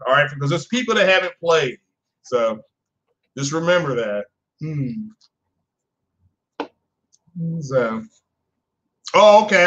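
A man's voice: on the high side, fairly bright tone, rough recording. A man hosting a casual live gaming podcast, talking loosely and rambling as he reads chat and news to his viewers. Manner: rambling, chatty, talks to chat viewers by name.

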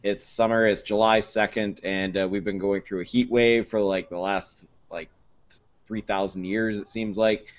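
A man's voice: lowish voice, little pitch movement, moderate pace. A Canadian man co-hosting a casual beer podcast, rambling with lots of fillers. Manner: rambling, filler-heavy, teasing. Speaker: podcast co-host. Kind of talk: casual chat over beers. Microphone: video call. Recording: muffled online call.

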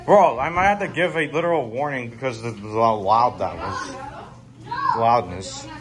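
A man giving excitable, rambling running commentary as he walks through a dim indoor attraction, filming on a handheld phone. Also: mid-range voice, a little slow, crowd noise. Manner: excitable, rambling, self-correcting. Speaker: vlogger touring an attraction.

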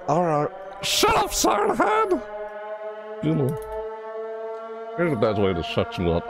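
A man casually commenting on his horror game playthrough, jumpy and excitable, talking to viewers and reading game prompts aloud. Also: mid-range voice. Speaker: gameplay streamer.

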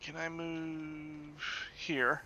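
A man's voice: fairly high pitch, monotone, extremely slow, pushed and bright. A man playing a tabletop game who chats casually and thinks aloud while checking the rules. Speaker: player.

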